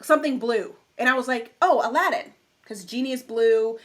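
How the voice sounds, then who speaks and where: A woman's voice: fairly high pitch, normal speed. A young woman co-hosting a casual podcast, telling a story with lots of acted-out quotes. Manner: animated storytelling, acts out quotes. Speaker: podcast co-host. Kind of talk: casual chat.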